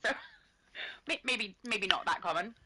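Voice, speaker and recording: A woman's voice: mid-range voice, measured pace, sharp tone, rough recording. A woman with an Australian accent, co-hosting a live stream in casual chat, reading out viewers' messages and laughing often, with a slight cough. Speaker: stream co-host.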